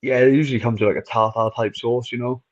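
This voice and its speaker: A man's voice: medium pitch, steady tone, fast talker. A man with an English accent answering interview questions casually over a video call, hesitating with lots of fillers. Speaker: guest fighter. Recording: muffled video call audio.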